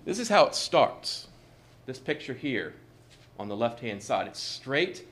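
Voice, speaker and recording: A man preaching a sermon in a measured, emphatic way, repeating key phrases for stress. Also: medium pitch, sing-song, fairly bright tone.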